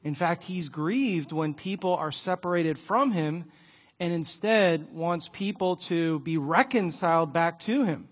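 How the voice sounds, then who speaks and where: A man preaching a sermon and telling an illustrative story, earnest, often dropping to a soft, hushed voice. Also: on the high side, a little slow, slightly rough.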